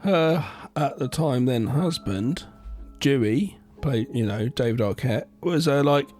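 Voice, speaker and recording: A man's voice: medium pitch, animated, measured pace, darkish tone, soft background music. A man co-hosting a podcast, joking and swearing in casual chat. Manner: joking, swears, laughs along. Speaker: podcast co-host.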